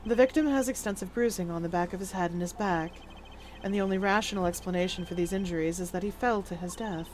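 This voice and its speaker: Calm formal prosecutor guy a lady doing him, precise and even, dropped low. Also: slight background noise, lightly acted. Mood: calm, deductive. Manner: measured, formal, reasoned delivery. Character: cool, formal male prosecutor, composed and precise.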